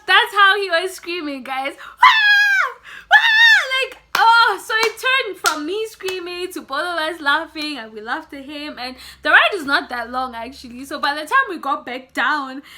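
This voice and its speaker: A woman's voice: sits high, expressive, normal speed, few pauses, sharp tone. A young woman vlogging, telling a story casually and animatedly, often calling her viewers guys.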